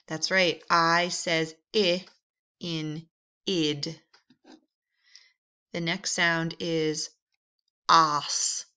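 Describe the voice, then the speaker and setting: A woman's voice: on the low side, sharp tone, clear, resonant tone. A woman teaching vowel sounds in a phonics drill, patient and encouraging, drawing out each sound. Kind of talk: slow, deliberate phonics drill. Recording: slightly dull, lo-fi sound.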